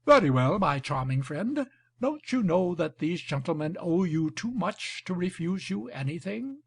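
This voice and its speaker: A man reading the part of a scheming older marquis with gout, speaking in an ironic, flattering way. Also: sits high, unhurried, exaggerated voice. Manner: ironic, flattering, smooth talker.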